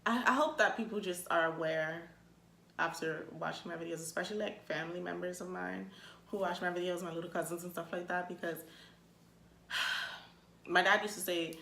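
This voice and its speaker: A young woman telling a storytime rant in a casual vlog, animated, swearing freely and saying "like" a lot. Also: fairly low pitch, normal speed, creaky, long pauses, slight background noise. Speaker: vlogger. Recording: echoey room.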